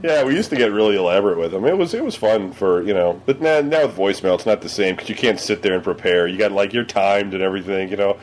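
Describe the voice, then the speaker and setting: A man's voice: lowish voice, expressive, fast talker, few pauses, a little hiss or hum. A man co-hosting a casual podcast chat, telling stories with frequent laughter. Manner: laughs often, tells stories animatedly. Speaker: podcast co-host.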